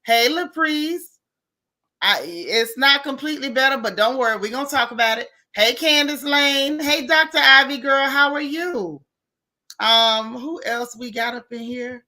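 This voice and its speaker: A woman hosting a casual livestream, greeting viewers one by one in relaxed, slangy chat. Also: high-pitched, a little slow. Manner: warm, chatty, Southern American slang, greets viewers one by one. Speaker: livestream host.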